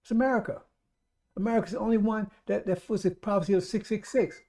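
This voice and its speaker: A man's voice: sits high, fairly even intonation, fast, mellow. A man preaching a radio sermon, emphatic and repetitive, speaking straight to his listeners.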